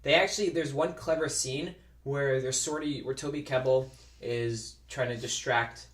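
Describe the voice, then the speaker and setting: A man's voice: medium pitch, fairly even intonation, normal speed, a bit bright, echoey room. A man chatting casually as a movie reviewer, jokey and rambling.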